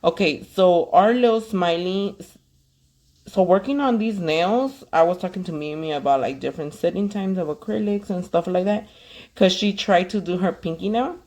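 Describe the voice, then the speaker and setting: Young woman, salon chatter, dark and gravelly, swears a lot. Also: fairly low pitch. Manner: chatty, profane, gossipy. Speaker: nail technician. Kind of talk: casual chat while working. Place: nail salon workstation.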